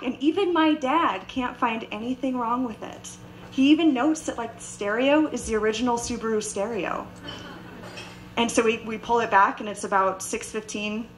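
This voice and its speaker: A woman's voice: on the high side, poor audio. Young woman telling a story on stage. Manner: animated, acts out quoted voices. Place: bar stage before a live audience.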